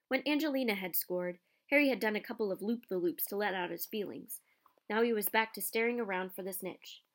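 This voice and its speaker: A woman reading a storybook aloud, narrating with expressive pacing and a medium-pitched voice. She keeps the story moving and shapes each sentence with feeling. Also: a little fast.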